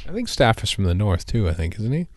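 A man's voice: on the low side, big pitch swings, fast, no room sound, studio quality. A Canadian man co-hosting a podcast, chatting casually and wryly, prone to tangents. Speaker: podcast co-host.

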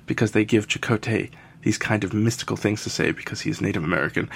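A man's voice: on the low side, quick pace, creaky, a bit bright, husky. A man casually recapping a TV episode, rambling and laughing often. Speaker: podcast co-host recapping an episode. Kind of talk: casual chat.

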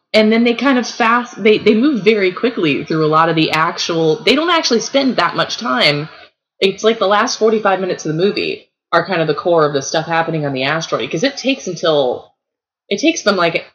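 Animated woman chatting about a movie. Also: lowish voice, moderate pace, highs cut off, a little hiss or hum. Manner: animated, lots of fillers, acts out reactions. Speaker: podcast co-host. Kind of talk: casual movie review chat.

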